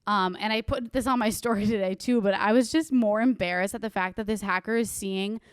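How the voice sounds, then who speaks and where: Smooth-voiced young woman, candid chat. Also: medium pitch, a little fast, no echo, clean studio sound. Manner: candid, reacts loudly, swears casually. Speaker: podcast co-host. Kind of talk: casual chat.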